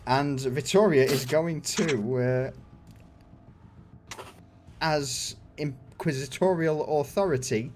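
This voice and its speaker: Slow-narrating man running a tabletop game. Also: a little high, a little mellow, slight background noise. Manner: slow, unhurried narration with frequent laughs. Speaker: game master.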